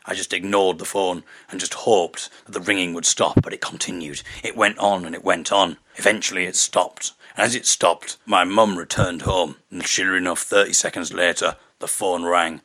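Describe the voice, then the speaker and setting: A man's voice: low voice, steady tone, normal speed, hardly any pauses, pushed and bright. A man hosting a podcast, telling a comic personal story in a self-mocking way and slipping into character voices. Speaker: podcast host.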